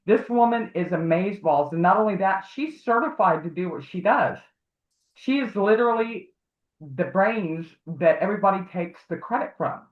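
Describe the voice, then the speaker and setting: A woman who advocates for harassment victims is a guest on a livestream, telling a long, rambling story in an animated, mid-range voice at a moderate pace. She acts out the voices of the people she quotes, and the audio is tinny, phone-like and echoey.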